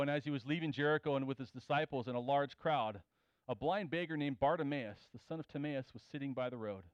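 A man's voice: fairly high pitch, no room sound. A man preaching a sermon in a conversational way, retelling scripture and asking his listeners questions. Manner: conversational, asks the audience questions. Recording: dull, dry recording.

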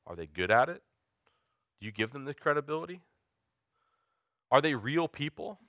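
A man's voice: fairly high pitch, sing-song, normal speed, fairly bright tone, no room sound, clean studio sound. A man, preaching an earnest sermon that mixes personal testimony with questions to the congregation. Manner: earnest, confessional, asks the listeners questions.

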